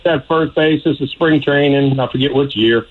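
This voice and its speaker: A man, a former ballplayer, telling an animated story in an archived interview clip. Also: medium pitch, moderate pace, narrow, tinny audio. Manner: animated, acts out voices in his story. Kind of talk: storytelling anecdote.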